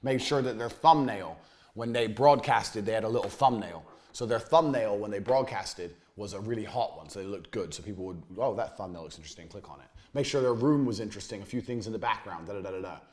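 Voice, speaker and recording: A man giving a blunt, crude business lecture in a university room. He swings between loud, forceful emphasis and low, muttered asides. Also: brisk. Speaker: business speaker.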